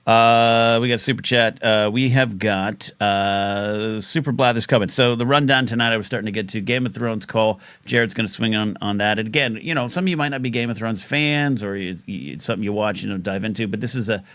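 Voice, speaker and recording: A man with a fairly low, slightly bright, clean-toned voice hosts a live call-in show, talking a little fast with few pauses in a dry recording. He rambles, jokes, and pokes fun at himself in a casual talk-radio style, his throat catching now and then after he choked on a chip.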